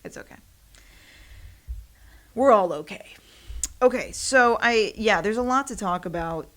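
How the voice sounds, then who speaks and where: A woman's voice: mid-range voice, lively intonation, moderate pace, a bit bright. Chatty young woman hosting a podcast. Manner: chatty, rambling, self-deprecating with frequent laughs. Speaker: podcast host. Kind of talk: casual solo chat.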